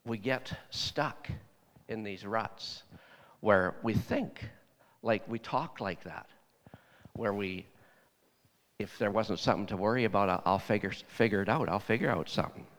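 A man's voice: lowish voice, unhurried, fairly bright tone. A man preaching in a conversational, folksy way, retelling talks with a lot of "I said" and "he said". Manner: folksy storytelling, repeating "I said" and "he said". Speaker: lay preacher. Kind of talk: conversational sermon. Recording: long hall reverb.

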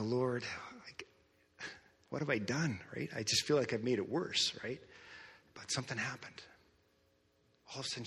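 An earnest male pastor preaches, moving between hushed passages and raised, emphatic ones. His voice is bright and forceful with a husky edge. He is heard in a church with a long, ringing reverb. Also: mid-range voice. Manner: earnest, repeats words, swings from soft to loud. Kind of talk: sermon storytelling.

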